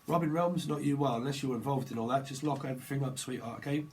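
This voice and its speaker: A man's voice: medium pitch, quick pace, darkish tone, low-quality recording. Rambling man reading tarot. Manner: jokey, acts out little scenes. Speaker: tarot reader.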